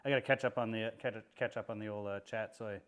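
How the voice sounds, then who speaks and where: A man from Nova Scotia chatting on a livestream as a guest, relaxed and halting. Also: lowish voice. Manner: relaxed, halting with fillers and restarts. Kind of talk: casual livestream chat.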